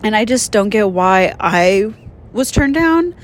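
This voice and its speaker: A woman's voice: medium pitch, animated, takes it slowly, a little hiss or hum. A young woman hosting a casual solo podcast, tearful and emotional, rambling with many fillers. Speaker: podcast host.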